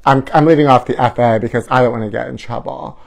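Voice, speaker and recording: A man's voice: medium pitch, steady tone, quick pace, gravelly. A man hosting a live gossip show, flamboyant and sing-song, calling his viewers honey. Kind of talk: campy live-stream gossip chat.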